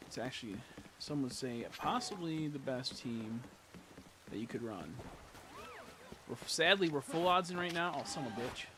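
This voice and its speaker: A man streaming a video game live, muttering to himself as he plays, swearing a lot and breaking into frustrated shouts. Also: fairly high pitch, animated, unhurried, long pauses, noisy background. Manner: mutters and talks to himself while playing. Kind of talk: live gameplay commentary.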